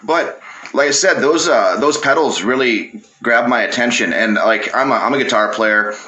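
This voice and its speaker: A man's voice: mid-range voice, normal speed, pushed and bright, lo-fi sound. Crude, joking man in an echoey room. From Moorhead, Minnesota, US. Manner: crude, joking, self-deprecating. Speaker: podcast host. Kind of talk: casual chat and storytelling.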